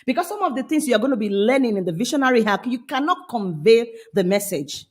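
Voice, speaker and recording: A woman's voice: on the high side, big pitch swings, fast. A middle-aged woman coaching parents in an emphatic talk, scolding and then coaxing, often repeating phrases.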